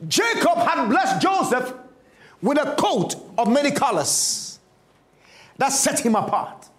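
A male preacher with a very high voice, telling a scripture story in an unhurried, dramatic way. His pitch leaps and dips widely, from loud bursts to near-whispers. The sound rings around an echoey room. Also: big pitch swings. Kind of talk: sermon.

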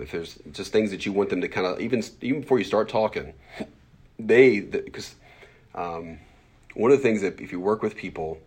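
A man in his forties, a pastor teaching a Bible class in a casual, fast-talking way, full of fillers and acted-out asides. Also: sits low, slightly rough. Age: 40s.

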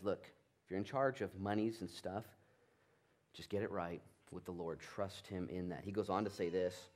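A man preaching a Bible study sermon with a fairly low voice. He is animated and often leaps into quick playful voices for the people in the story, then drops back to a low, earnest tone. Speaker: pastor.

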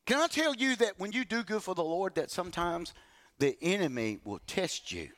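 A male preacher with a high voice, telling a story from his own life in a sermon at church. His pitch swings widely as he acts out the other people's lines and repeats words while building up his points. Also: big pitch swings, normal speed, fairly bright tone.

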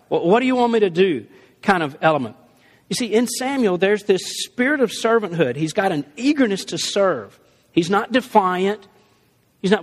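A man preaching a sermon as he tells a personal story in a conversational, animated way, stumbling and restarting often. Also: high voice, big-room sound. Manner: animated, conversational, frequent restarts, laughs at his own story.

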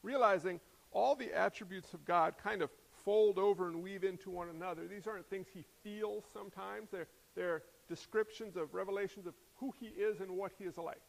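A man's voice: high-pitched, fairly quick, gravelly, hardly any pauses, long reverb tail. A man preaching a sermon as the pastor, talking conversationally and dropping in humorous asides.

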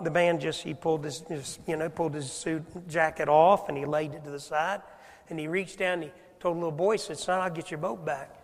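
A male pastor preaching a sermon, asking the congregation questions and moving between loud emphasis and hushed asides. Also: fairly high pitch. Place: church sanctuary. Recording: long hall reverb.

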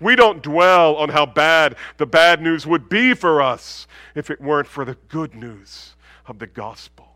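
A man delivers a sermon in a fairly high voice, recorded dry and close. He moves between ringing, emphatic declarations and quiet, almost whispered asides. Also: a little slow, no room sound. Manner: wide swings from loud proclamation to hushed near-whisper. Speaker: pastor.

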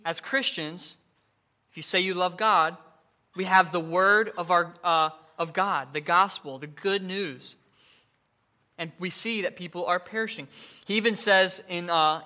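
An earnest preacher with a high, pushed, bright voice gives a sermon riddled with fillers and restarts. He slows down and lifts his voice to emphasize the scripture passages.

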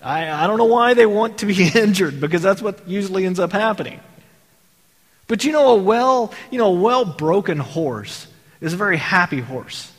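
High-voiced man preaching in a reverberant hall. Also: lively intonation, normal speed, breathy edge. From Texas. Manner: conversational preaching with rhetorical questions. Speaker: pastor. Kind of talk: sermon.

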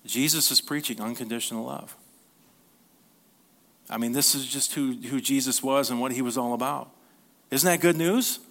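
A man preaching a sermon in an earnest, conversational way, reading scripture slowly and asking his listeners questions. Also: fairly even intonation, gravelly, bright, forceful tone. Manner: reads scripture slowly, then rises in pitch and energy.

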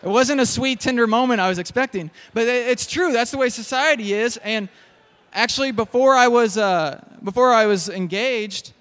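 A man's voice: very high-pitched, moderate pace, a bit bright. A young man preaching a sermon in a church hall, telling jokey stories. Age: young adult. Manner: storytelling, jokey.

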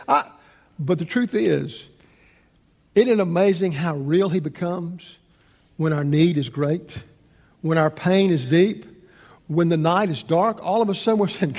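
Animated preacher in a reverberant hall. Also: male voice, high voice, moderate pace. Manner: animated, acts out the people in the story. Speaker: pastor. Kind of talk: sermon.

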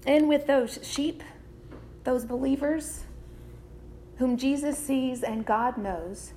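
A woman preacher delivering a sermon in a measured, deliberate way, repeating key phrases. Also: fairly high pitch, warm tone, a little hiss or hum.

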